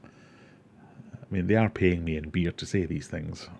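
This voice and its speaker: A man's voice: low voice, fairly even intonation, normal speed, creaky, darkish tone, a little hiss or hum. A man hosting a casual livestream, rambling, joking and reading viewer comments aloud. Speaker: aquarium livestream host.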